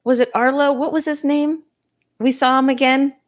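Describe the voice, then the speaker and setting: A woman co-hosting a podcast in casual chat, quick to interject and laughing often. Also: high-pitched, fairly even intonation. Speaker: podcast co-host.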